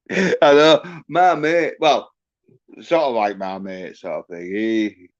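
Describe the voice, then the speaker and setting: A man's voice: fairly low pitch, steady tone, takes it slowly, no room sound. A man hosting a livestream, ranting with constant swearing. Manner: profane, ranting, heavy swearing. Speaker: livestream host. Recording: dull lo-fi stream audio.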